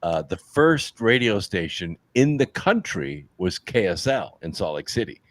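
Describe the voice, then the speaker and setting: A man on a talk-show panel, telling an anecdote in a relaxed, casual way. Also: deep voice, a little slow, no echo. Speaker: regular panelist.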